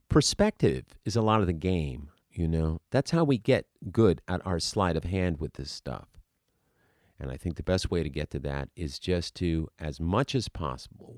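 A man speaking as an acting coach in an animated teaching monologue, asking rhetorical questions and acting out examples. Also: sits low, no room sound, studio quality.

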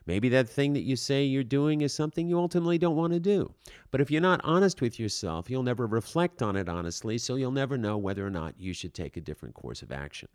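A man's voice: mid-range voice, expressive, quick pace, a little mellow, no room sound, clean studio sound. A man giving an earnest motivational talk, circling back on his points and saying "you know" often. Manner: earnest, repeats himself, frequent "you know".

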